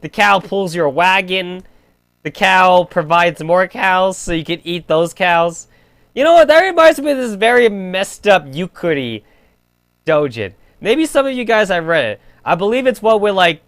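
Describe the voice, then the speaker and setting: A man's voice: sits high, fairly bright tone, clear, resonant tone, no echo. A young man streaming a game, rambling in crude casual chat full of filler "like". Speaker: gaming streamer.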